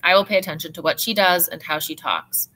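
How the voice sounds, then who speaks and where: A woman teacher reads a novel aloud to her class in steady, expressive first-person narration at a brisk pace. Her voice sits on the low side yet sounds bright and crisp, with a little hiss or hum in the audio.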